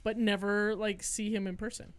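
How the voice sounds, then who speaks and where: A woman co-hosting a talk show keeps the conversation going in a casual, easy way and is quick to agree or add a point. Her voice is smooth and clear. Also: medium pitch, level tone. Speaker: podcast co-host. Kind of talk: casual chat.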